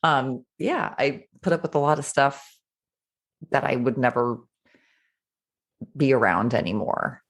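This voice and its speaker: A woman's voice: a bass voice, animated, measured pace, long pauses. A middle-aged woman, a podcast guest, telling her own story candidly and acting out her past self in quotes.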